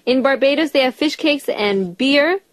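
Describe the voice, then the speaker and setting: A woman from Korea co-hosting a casual talk show, reading out facts with pauses and fillers. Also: high voice, animated, dry recording. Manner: reads notes with pauses and fillers, chatty. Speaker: radio show co-host.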